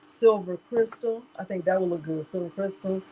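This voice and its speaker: A crafting livestream host with a mellow, mid-range voice talks a little fast on a rough recording with slight background noise. She keeps it casual and chatty, laughs often and speaks to her audience directly as "y'all".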